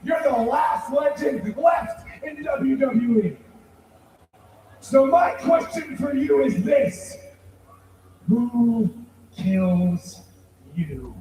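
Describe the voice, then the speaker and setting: Impassioned man shouting in arena. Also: extremely high pitch, slow, a little hiss or hum. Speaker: pro wrestler. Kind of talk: arena promo. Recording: echoey arena from far off.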